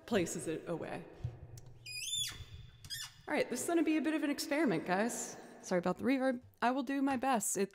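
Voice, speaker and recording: Woman, musician live-streamer, easygoing chat, talks through what she's doing. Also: mid-range voice. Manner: chatty, thinking aloud while playing. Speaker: live-streaming violinist and looper.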